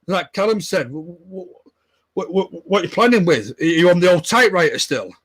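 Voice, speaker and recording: High-voiced ranting man. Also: lively intonation, brisk, a bit bright, slightly rough. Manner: ranting, frustrated, sweary. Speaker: fan pundit. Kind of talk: casual discussion.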